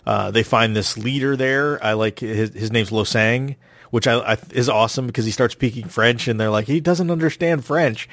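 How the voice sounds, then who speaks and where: A man's voice: fairly low pitch, fairly even intonation, moderate pace, a bit bright, no echo. A man hosting a casual podcast recap, retelling the plot with frequent ums and restarts. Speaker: podcast host.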